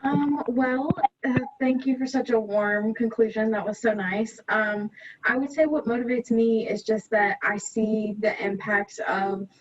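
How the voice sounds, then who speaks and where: A young intern speaks casually and a little hesitantly on a video call. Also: female voice, fairly high pitch, steady tone, measured pace. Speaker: youth intern. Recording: dull lo-fi audio.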